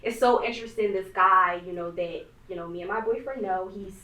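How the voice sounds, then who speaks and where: A woman co-hosting a podcast, telling stories in an animated way and repeating words when she gets excited. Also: medium pitch, fairly quick, roomy sound, recorded from a distance, low-quality recording. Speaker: podcast co-host. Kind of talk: casual conversational podcast.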